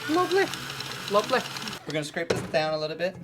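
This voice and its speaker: A woman's voice: lowish voice, sing-song, fast, very noisy, voice pushed down. A woman voicing a fussy, perky British woman TV cook in a put-on British accent, with twee, silly asides. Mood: chirpy. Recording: background music.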